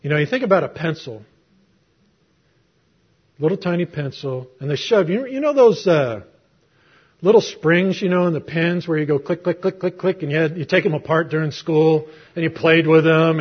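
Husky middle-aged male preacher. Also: fairly high pitch, moderate pace. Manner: conversational storytelling with rhetorical questions. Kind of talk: sermon with personal testimony. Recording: muffled lo-fi recording.

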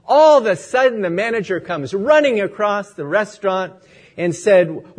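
A man's voice: high voice, lively intonation, moderate pace. A male pastor opening in prayer and telling a story as he preaches a sermon.

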